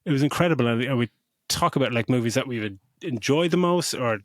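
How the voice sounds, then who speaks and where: Excitable man with a dry, close sound. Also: medium pitch, fast talker, no room sound. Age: middle-aged. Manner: enthusiastic, swears freely, full of restarts; emotional when retelling scenes. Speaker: podcast co-host. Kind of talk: casual film review chat.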